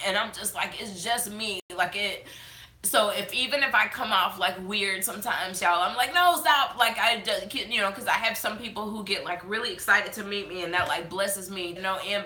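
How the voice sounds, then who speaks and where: A woman's voice: mid-range voice, normal speed, sharp tone, echoey room. A woman chatting casually on a live stream, reading viewer comments with many fillers, tearful and fighting back crying. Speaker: beauty vlogger hosting a live chat.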